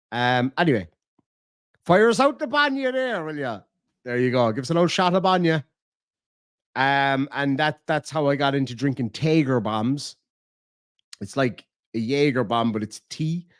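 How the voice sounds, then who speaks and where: A man's voice: mid-range voice, no room sound, clean studio sound. Swearing Irish man chatting on a stream. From Ireland. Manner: swears freely, laughs, rambling asides. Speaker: livestream host. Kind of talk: casual chat to a live audience. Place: home.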